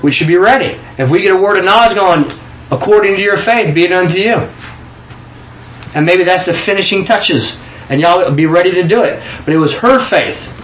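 A man giving an informal sermon full of stories, talking in animated bursts and often repeating words as he goes. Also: high-pitched, normal speed. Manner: animated, repeats words when excited, southern 'y'all'. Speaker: preacher. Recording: echoey room with faint background noise.

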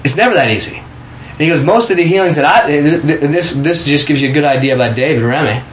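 A man from Kansas recounts a personal testimony and slips into the voices of the people in his story, stumbling and restarting as he goes. His voice sits a little high for a man. The room adds a clear echo, with a faint hum of ambience behind him. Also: fast talker. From Kansas, USA. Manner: animated, acts out quoted voices, frequent restarts and laughs. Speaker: guest telling a testimony. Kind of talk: casual storytelling.

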